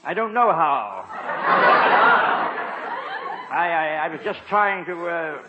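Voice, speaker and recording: An actor playing a fussy, polite English butler with prim, formal speech and dry quips, in a 1950s radio sitcom. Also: male voice, on the high side, lively intonation, takes it slowly, pushed and bright, exaggerated voice. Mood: flustered. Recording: dull 1950s radio recording.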